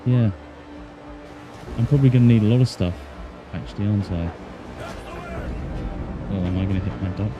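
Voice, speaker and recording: A man's voice: fairly low pitch, normal speed, long pauses, muffled recording, music in the background. An English man streaming a game, chatting casually and joking to himself as he plays. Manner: chatty, joking, talks to himself while playing. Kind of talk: casual gameplay chat.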